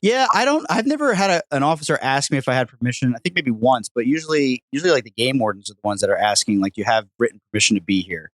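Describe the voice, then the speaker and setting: A man's voice: mid-range voice, sing-song, quick pace, hardly any pauses, no room sound. A man hosting a podcast, asking his guest questions and making wry, joking asides. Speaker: podcast host. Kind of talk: casual chat.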